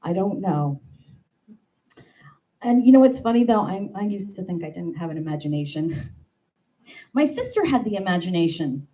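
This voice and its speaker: A woman in her thirties performing a stand-up comedy monologue, animated and playful, acting out the voices in her stories. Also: fairly low pitch, normal speed, long pauses, poor audio. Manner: animated, acts out quoted voices, playful asides. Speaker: comedian doing a stand-up bit.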